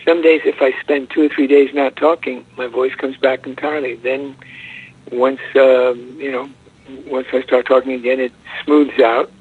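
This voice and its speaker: Older male guest on a phone call, husky and soft, chatty storyteller, muffled line. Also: medium pitch, little pitch movement, normal speed. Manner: chatty, rambling anecdotes with restarts. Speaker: voice actor guest. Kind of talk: casual interview storytelling. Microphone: telephone.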